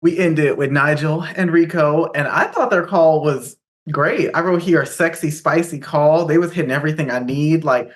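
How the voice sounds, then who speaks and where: Cheeky playful guy co-hosting a podcast, voice on the higher side. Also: normal speed. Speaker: podcast co-host. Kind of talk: casual chat.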